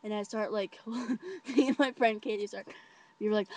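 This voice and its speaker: A woman's voice: on the high side, moderate pace, a little mellow, no room sound. A teenage girl telling a story to camera in a casual, chatty way, full of fillers and giggles. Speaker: vlogger.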